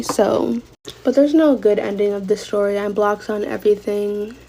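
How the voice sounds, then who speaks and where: A woman's voice: mid-range voice, fairly even intonation, moderate pace, mellow, rough recording. A young woman telling a dramatic storytime while getting ready, casual and full of swearing.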